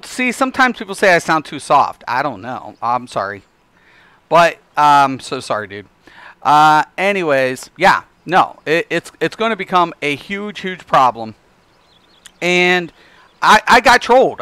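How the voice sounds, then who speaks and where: Emphatic bright-voiced male streamer. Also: fairly high pitch, smooth, no room sound. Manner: emphatic, repeats himself, frequent fillers. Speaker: game streamer. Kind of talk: casual live-stream rant. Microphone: desk microphone.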